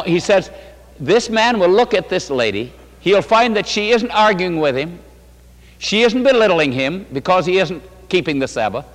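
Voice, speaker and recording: A man's voice: high voice, long reverb tail. A man preaching a sermon, telling stories and acting out the voices of the people in them, laughing now and then. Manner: storytelling with quoted voices and laughter.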